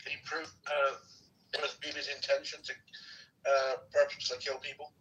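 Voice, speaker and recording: A man's voice: mid-range voice, little pitch movement, normal speed, sharp tone, far from the mic, rough recording. A man hosting an online debate, arguing his point insistently with many fillers. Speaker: host.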